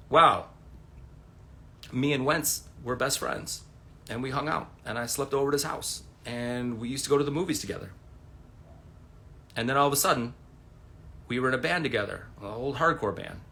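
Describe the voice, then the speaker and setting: A man's voice: medium pitch, a little fast. A man in his forties talking to viewers on a phone livestream from home, rambling and swearing as he tells stories. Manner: rambling, profane, animated storytelling. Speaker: livestream host. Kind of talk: casual livestream monologue.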